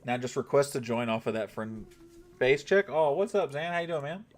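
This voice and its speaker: A young man streams a mobile game and chats casually with his viewers, swearing now and then. His mid-range voice moves a little fast with fairly even intonation.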